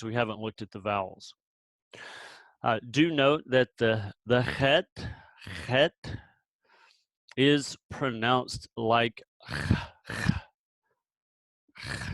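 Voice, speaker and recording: A man teaching Biblical Hebrew pronunciation, patient and relaxed, repeating sounds slowly with pauses and restarts. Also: on the low side, no room sound, rough recording.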